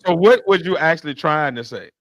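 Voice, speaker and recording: A man with a fairly high, very lively voice talks in on a casual podcast. He needles the others and argues point by point. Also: a little fast, no room sound. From United States. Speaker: podcast co-host. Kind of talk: heated casual chat.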